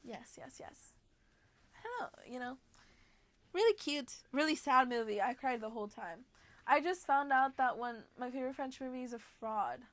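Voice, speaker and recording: Bubbly young woman streamer, slightly high. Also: animated, moderate pace, fairly bright tone. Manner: bubbly, giggly, frequent gasps and restarts. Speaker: livestreamer. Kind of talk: casual chat with viewers.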